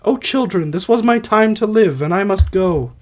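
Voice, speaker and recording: A dying young queen speaks her farewells in a soaring falsetto, tender and resigned, well above a man's own register, as a male audiobook reader puts her on. The voice is pushed up high and is noticeably louder than his narration. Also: lively intonation, normal speed. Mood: tender, fading. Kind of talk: amateur audiobook reading.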